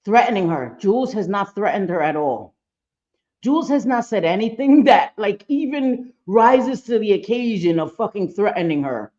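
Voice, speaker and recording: A woman's voice: mid-range voice, lively intonation, moderate pace, darkish tone, dull audio. A woman hosting a live reaction stream, casual and blunt, swearing freely and repeating her points for emphasis. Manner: blunt, profane, emphatic repetition. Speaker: reaction channel host. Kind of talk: casual commentary on a played clip.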